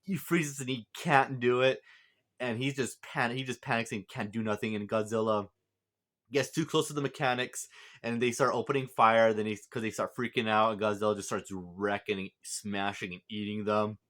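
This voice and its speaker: A man's voice: lowish voice, steady tone, normal speed, fairly bright tone. A man talking through a film's plot in a casual, rambling review, with lots of fillers and restarts and the odd chuckle. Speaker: movie reviewer. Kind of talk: casual spoken movie review.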